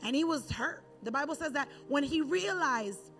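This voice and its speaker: A woman with a bright, high voice delivers a sermon as a relaxed, chatty story. A faint bed of music runs quietly underneath. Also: moderate pace. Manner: conversational storytelling with acted Bible quotes. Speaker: preacher.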